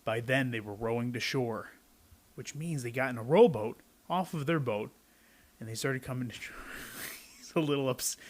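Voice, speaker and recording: A young adult man reading a picture book aloud to children, adding chatty asides to his young listeners. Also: medium pitch.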